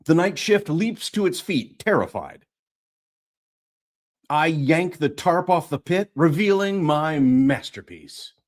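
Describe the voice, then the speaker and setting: Slow, animated audiobook narrator. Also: medium pitch. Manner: retakes lines and repeats phrases; animated, playful voice acting. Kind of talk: live fantasy audiobook reading.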